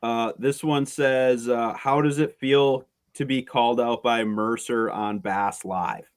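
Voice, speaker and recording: A man's voice: medium pitch, fairly even intonation, slow, clean tone. A man co-hosting a podcast, reading out listener questions and dropping wry asides. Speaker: podcast co-host. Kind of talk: casual podcast banter.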